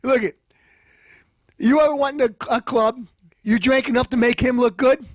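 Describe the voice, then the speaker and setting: A man hosting a comedy show, ranting and hurling insults, swinging between loud outbursts and low mutters. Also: steady tone, moderate pace, no echo. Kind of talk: ranting comic commentary.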